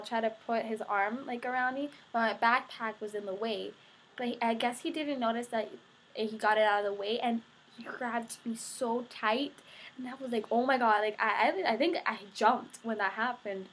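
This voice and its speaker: A teenage girl with a high voice tells a story to her camera, gushing and breathless and packing every sentence with "like" and quoted reactions. A faint noise sits under the recording. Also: fairly bright tone. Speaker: vlogger.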